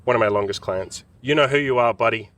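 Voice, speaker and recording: Fast, profane man talking in a park. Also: medium pitch, a bit bright, slight background noise. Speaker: dating coach and podcast host. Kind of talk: casual chat. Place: outdoors in a city park. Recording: distant mic with outdoor ambience. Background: faint park ambience.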